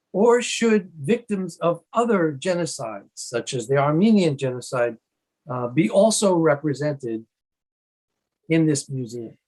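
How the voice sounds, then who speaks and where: Man, slightly higher voice, author answering at length on a video call, earnest and deliberate with hesitant restarts. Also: slightly rough, low-quality recording. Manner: measured, earnest, with frequent uh and restarts. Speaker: author being interviewed. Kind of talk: thoughtful interview answers.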